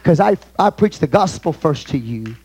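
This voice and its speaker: A pastor with a Texan accent preaching a fervent sermon in a church, reading scripture aloud and swinging between booming and hushed delivery. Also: male voice, animated, normal speed, slightly rough. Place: church sanctuary.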